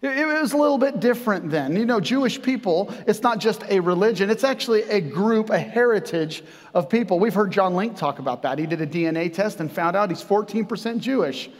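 A man's voice: high voice, lively intonation, fairly quick, hardly any pauses. A man preaching a sermon as pastor, talking conversationally with joking asides. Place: church sanctuary. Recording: long reverb from a church hall.

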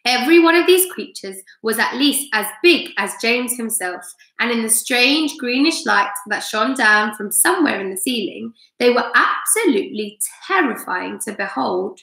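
Bright, encouraging woman teacher reading aloud. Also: on the high side, expressive, normal speed, vocal fry, hardly any pauses. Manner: encouraging, praising students. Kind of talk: reading a chapter book aloud to students. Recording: roomy echo.

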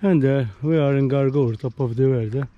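A man's voice: mid-range voice, fairly quick, lo-fi sound. Chatty Maltese man hiking outdoors. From Malta. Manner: chatty, ends phrases with "eh?". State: tired, at times out of breath. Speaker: hiker vlogger. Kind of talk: casual walking vlog commentary.

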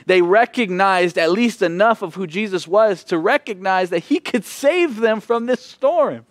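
A man preaching a sermon as pastor, expressive, moving between emphatic lines and hushed ones. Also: high voice, a little slow, dry recording, clean studio sound.

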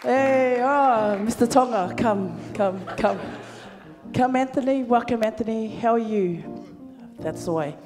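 A woman's voice: on the high side, a little slow, music in the background. A woman hosting a church service, telling a joke and giving announcements with playful banter to the audience. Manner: lively storyteller with audience banter. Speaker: church program emcee. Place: church hall. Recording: hall reverb, live church sound.

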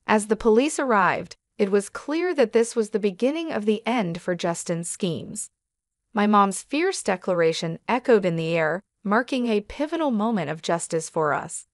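A woman reading a scripted first-person story in a steady, even manner. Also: medium pitch, moderate pace, dry recording, studio quality. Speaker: narrator.

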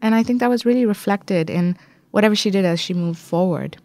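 A woman journalist and author answering interview questions, telling a story fluently and with lively emphasis. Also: medium pitch, brisk, no echo.

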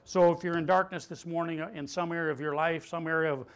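High-voiced man preaching a sermon. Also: steady tone, quick pace, clear, resonant tone. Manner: call-and-response preaching, leading the congregation in repeated phrases; rising to loud, emphatic declarations. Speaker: pastor. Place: church hall.

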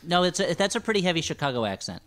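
Playful co-host with a slightly high voice. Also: male voice, big pitch swings, very fast, fairly bright tone. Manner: playful, bit-prone. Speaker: podcast co-host. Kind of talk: casual comedic chat.

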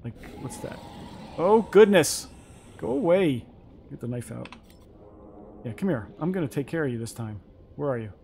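A man's voice: medium pitch, animated, fairly quick, vocal fry, pauses often, warm tone, a little hiss or hum. A man casually chatting and thinking aloud while playing a survival game on stream. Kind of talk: casual let's-play chat.

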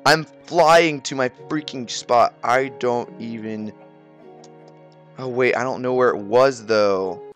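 A teenage boy giving casual, excitable commentary while playing a video game, grumbling and exclaiming at what happens. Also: mid-range voice, takes it slowly, soft background music. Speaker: gaming video creator.

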